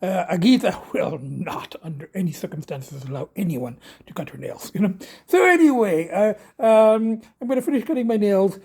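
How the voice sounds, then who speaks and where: Vlogger, male, mellow and husky, chatty and meandering, drifts into soft cooing for his pets. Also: high-pitched, big pitch swings, a little fast. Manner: rambling, hesitant, many fillers; coos softly to his cats. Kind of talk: casual video diary. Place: home bedroom.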